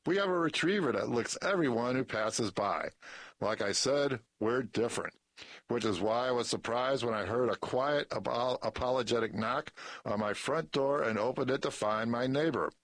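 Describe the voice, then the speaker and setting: A man reads news pieces and a short personal essay aloud at a steady, measured pace. His voice sits at an average pitch for a man. The sound is dry and close, with no room echo. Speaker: news article reader. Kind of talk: reading articles aloud.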